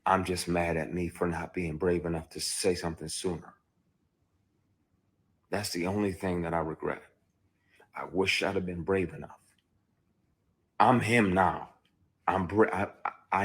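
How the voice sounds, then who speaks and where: A man with a deep, husky voice tells his own story candidly. He speaks bluntly and with raw feeling, swearing often and restarting sentences. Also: fairly even intonation, measured pace, pauses often. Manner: blunt, profane, emotional, with restarts. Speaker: actor telling his story. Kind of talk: candid first-person storytelling.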